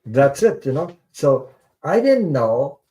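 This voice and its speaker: A man's voice: mid-range voice, big pitch swings, slow pace, mellow. A man hosting a tarot live stream, telling a personal story in an earnest, rambling way and repeating words for emphasis.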